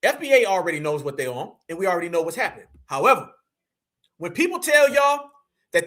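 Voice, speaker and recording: A man's voice: high-pitched, big pitch swings, fairly quick, fairly bright tone. A man in fiery casual commentary, brash, profane and swaggering.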